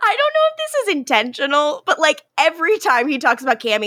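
A woman co-hosting a casual podcast, recapping a show with lots of laughter, swearing and quick acted-out character lines. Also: high voice, huge pitch swings, bright, forceful tone, dry recording, clean studio sound. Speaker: podcast co-host recapping a TV episode. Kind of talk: casual chat.

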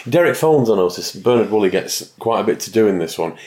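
Deep-voiced man chatting about old TV. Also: lively intonation, quick pace, darkish tone. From England. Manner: chatty and reflective. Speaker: podcast host. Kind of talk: casual review chat.

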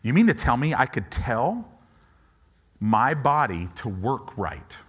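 A man preaching a sermon to a congregation in a church, acting out doubting inner voices and rising to loud commands. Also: medium pitch, very animated, takes it slowly, husky. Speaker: pastor.

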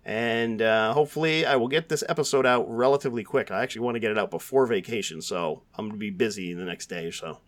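A man with a lowish voice hosts a podcast, talking quickly with hardly any pauses. His chat is casual and rambling, packed with fillers and frequent restarts.

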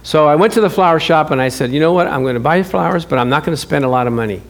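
Man, pastor, middle-aged, high voice, lively story-driven sermon, chuckling asides. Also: racing, gravelly. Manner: animated storytelling, acts out dialogue, chuckles often. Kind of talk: sermon with personal stories.

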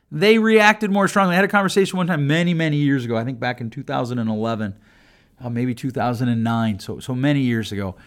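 A man with a somewhat higher voice, talking through his own podcast alone. He speaks casually and often stumbles over repeated words before going on, with a dry humor. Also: a bit bright. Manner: conversational, repeats and restarts words, self-mocking dry humor. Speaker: podcast host. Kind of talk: solo podcast monologue.

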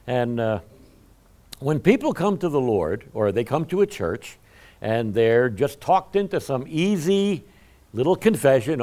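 A man's voice: medium pitch, a little slow. A male pastor giving a conversational sermon, joking about himself and speaking straight to his congregation. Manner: animated, humorous, self-deprecating storytelling; talks to the congregation directly.

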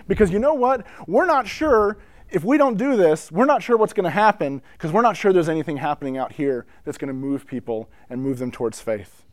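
A man's voice: sits high, a little fast, no room sound. A man from North America giving a casual talk on the history of church worship, acting out quotes and laughing as he tells stories. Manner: animated, acts out quotes, laughs while telling stories. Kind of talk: casual storytelling lecture.

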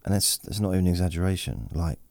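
Deep gravelly man, slow and drowsy. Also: expressive, a little mellow, no room sound. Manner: meandering, self-deprecating, drowsy. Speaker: podcast host. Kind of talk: rambling bedtime podcast monologue. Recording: processed close-mic studio voice.

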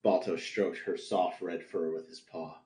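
A man hosting a podcast, narrating a story in a flat voice with stumbles and laughs. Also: low voice, unhurried. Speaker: podcast host, reader. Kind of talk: comedic fan-story narration. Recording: roomy echo.

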